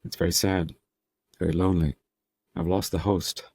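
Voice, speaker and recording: A man's voice: low-pitched, little pitch movement, moderate pace, darkish tone, slightly rough, no echo. A man guesting on a podcast, talking casually and playfully, slipping into demonstration voices as he explains. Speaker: actor and impressionist guest.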